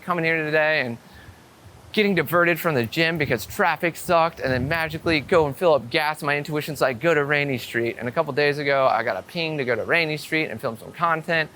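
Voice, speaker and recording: A man telling a story to camera outdoors in a casual, excitable way, swearing and acting out what people said. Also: fairly high pitch, a little hiss or hum. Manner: excitable, swearing storyteller with many "I'm like" quotes. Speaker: vlogger. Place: outdoors on a city street.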